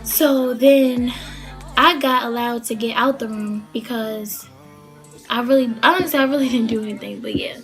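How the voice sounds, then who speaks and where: A woman's voice: fairly high pitch, steady tone, normal speed, fairly bright tone, faint music behind. A young woman from the Baltimore area casually telling a story, chatty and rambling with lots of fillers. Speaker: vlogger.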